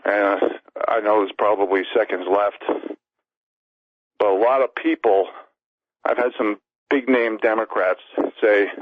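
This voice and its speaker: A man's voice: on the low side, fairly even intonation, no echo. Winded man in his sixties from New York City, phoning in a fervent political speech; dry, lo-fi phone sound. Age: 60s. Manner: emphatic, rapid-fire list of demands. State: out of breath. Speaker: radio show guest, author. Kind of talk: impassioned political call-in monologue. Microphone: phone call. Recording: tinny phone line.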